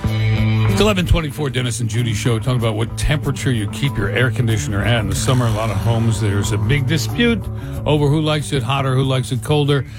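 A man's voice: medium pitch, fast talker, music in the background. Chatty male radio co-host. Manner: rambling, chuckling asides. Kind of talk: casual radio chat.

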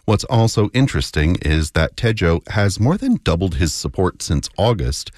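A man reading the morning news on the radio in a measured, authoritative way. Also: low-pitched, no room sound, clean studio sound. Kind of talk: newscast reading. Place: radio studio. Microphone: close studio mic.

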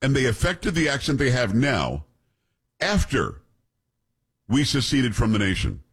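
Male talk radio host, husky voice, animated and opinionated, talks right to the audience. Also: mid-range voice, measured pace. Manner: chatty, opinionated, addresses listeners directly. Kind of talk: casual studio banter.

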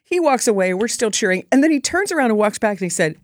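A woman's voice: a little high, fast talker, no echo, studio quality. A woman reporter giving a chatty, enthusiastic recap on air. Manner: chatty and enthusiastic, lively quoted voices. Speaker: radio or TV reporter.

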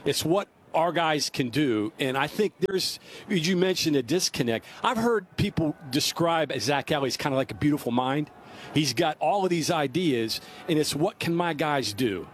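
A man's voice: fairly high pitch, animated, normal speed, a little hiss or hum. A man co-hosting a sports radio show, chatty and agreeable in banter and analysis. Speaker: radio co-host.

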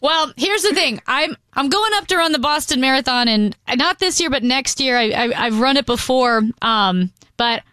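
A woman co-hosting a casual chat, enthusiastic and quick to laugh. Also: high voice, animated, sharp tone, smooth, no room sound. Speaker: co-host.

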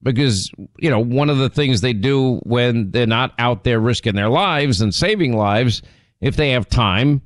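A middle-aged man hosting a talk show, telling rambling stories and teasing his co-host, with many restarts and excited jumps in pitch. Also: no room sound. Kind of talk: casual on-air storytelling.

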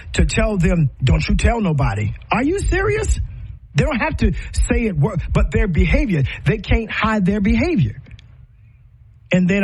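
A high-voiced man with a husky edge hosts a podcast, speaking with impassioned conviction. He talks like a preacher, piling up rhetorical questions and repeating phrases for emphasis. His pitch swings widely from phrase to phrase. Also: a little mellow, rough recording. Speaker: podcast host. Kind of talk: impassioned commentary.

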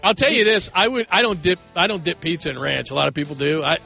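A man's voice: a little high, quick pace, vocal fry, sharp tone, faint music behind. A man hosting a sports radio show, chatting casually and playfully with his co-hosts. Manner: chatty, playful, does goofy voices.

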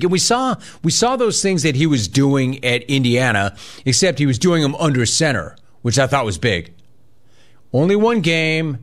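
A man hosting a sports talk radio show, reading listener chat aloud in energetic, quick bursts. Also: medium pitch.

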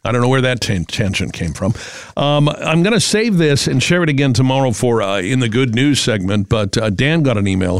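Middle-aged New England man, chatty local radio host, dry close sound, gravelly. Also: lowish voice, no room sound. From Massachusetts. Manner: rambling, chatty, with many fillers. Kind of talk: casual talk radio.

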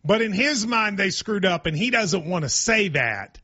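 Guy hosting sports talk, joking around, husky bright voice, bit muffled. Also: high voice, expressive, moderate pace. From Kentucky. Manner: joking, rambling asides. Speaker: sports talk show host. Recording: slightly muffled audio.

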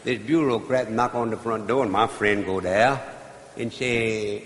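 A man's voice: lowish voice, fairly even intonation, unhurried. A man telling a comic story on stage in a folksy drawl, hollering the punchlines. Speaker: comedian. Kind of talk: storytelling comedy routine. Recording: echoey live recording with faint noise.

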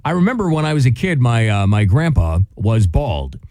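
Animated morning radio host, dry studio. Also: male voice, mid-range voice, normal speed, no room sound. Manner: chatty, laughing easily. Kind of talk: casual talk radio chat.

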